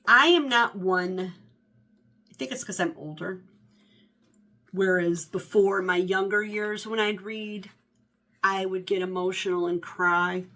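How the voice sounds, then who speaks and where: A woman in her fifties talks through her favorite reads of the year in a loose, rambling way. Her voice is bright and forward. She corrects herself often and stays animated. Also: mid-range voice, slow pace, pauses often. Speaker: book vlogger. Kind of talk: casual book review chat.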